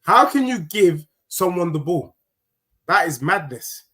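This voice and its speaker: Man, call-in host, teasing, talks over callers, very animated pitch, bright tone. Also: unhurried, slightly rough. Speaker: host of a fan call-in stream. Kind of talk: casual banter with callers.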